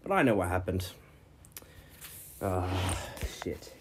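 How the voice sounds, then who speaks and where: A man's voice: normal speed, long pauses, slight background noise. Frustrated man ranting on a live stream. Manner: frustrated, swearing, swings into high-pitched yelling.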